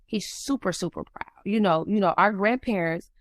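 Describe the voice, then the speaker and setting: A woman tells a raw personal story as a podcast host. Her pitch climbs sharply whenever she acts out what others said. The sound is dry and close, with no room echo. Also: moderate pace. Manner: animated, acts out quoted dialogue with rising pitch.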